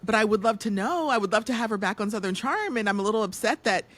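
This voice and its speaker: Talkative woman guest, mid-pitched voice. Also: lively intonation, fast. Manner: talkative, self-interrupting with restarts. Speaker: podcast guest. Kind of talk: casual pop-culture chat.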